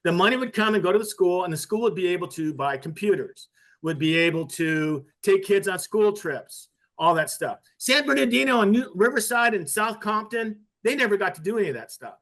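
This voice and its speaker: A man's voice: high voice, animated, fairly quick, a bit bright. A man on a podcast panel, explaining a topic at length through a story in casual discussion.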